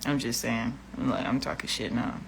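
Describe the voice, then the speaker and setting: A woman's voice: a bass voice, fairly even intonation, moderate pace, gravelly, a little hiss or hum. A woman vlogging in a casual, profane rant, blunt and exasperated, often repeating herself.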